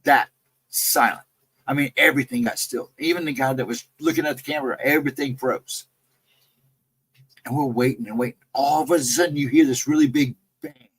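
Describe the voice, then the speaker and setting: A guest storyteller on a live stream, this man has a husky, medium-pitched voice with a steady tone and a fairly quick pace. He casually tells a ghost story from a camping trip, wandering and repeating himself with "I mean" and "you know." The audio quality is poor.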